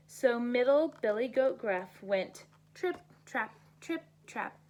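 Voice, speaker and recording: A woman teacher reading a bedtime story aloud to children, gentle and unhurried, sounding out the story's noises. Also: on the high side, animated.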